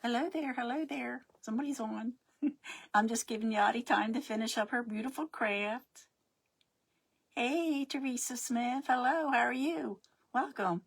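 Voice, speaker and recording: A woman's voice: fairly high pitch, measured pace, vocal fry, slightly rough. A middle-aged woman hosting her crafting livestream, chatting casually and greeting viewers by name as they join. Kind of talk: casual live-stream chat.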